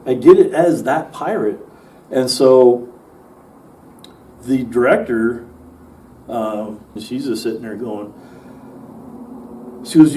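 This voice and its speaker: A man's voice: medium pitch, dark tone. A man, an actor, telling stories about his work in a casual interview, rambling with fillers and restarts. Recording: distant mic with faint noise.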